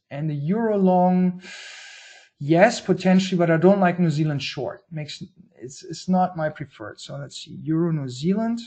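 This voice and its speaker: A man hosting a trading webinar, talking through market charts in a brisk, blunt, informal way, with slang and frequent restarts. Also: on the high side, warm tone. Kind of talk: casual market-analysis webinar talk.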